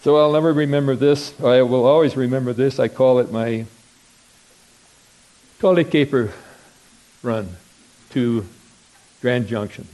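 An older man from Wisconsin telling a rambling, self-deprecating humorous story at a podium, clearing his throat now and then. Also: mid-range voice, a little slow, pauses often, dark tone, poor audio.

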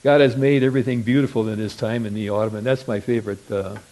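An older man from Wisconsin telling a rambling, self-deprecating humorous story at a podium, clearing his throat now and then. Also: mid-range voice, steady tone, fast talker, darkish tone, poor audio.

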